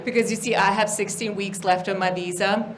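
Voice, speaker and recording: A woman's voice: mid-range voice, steady tone, brisk, very noisy. A woman from Estonia doing stand-up, teasing the audience playfully at a live comedy venue. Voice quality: playful crowd work, teasing.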